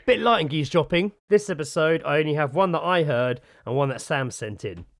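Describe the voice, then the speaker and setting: A man co-hosting a podcast, telling animated stories in casual chat and swearing a lot. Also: on the high side, fairly quick, no echo. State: sore from gardening. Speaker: podcast co-host.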